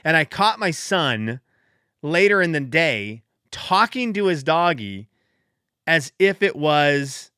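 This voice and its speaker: A man in his thirties hosting a casual solo podcast, rambling and excitable, who breaks into loud cheering. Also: a little high, takes it slowly, clean tone, no echo, studio quality. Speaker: podcast host.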